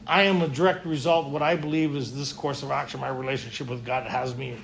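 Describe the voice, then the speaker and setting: A man speaking casually to a group at a retreat, often checking in with his listeners. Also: medium pitch. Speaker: recovery speaker at a men's retreat. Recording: faint room ambience and noise.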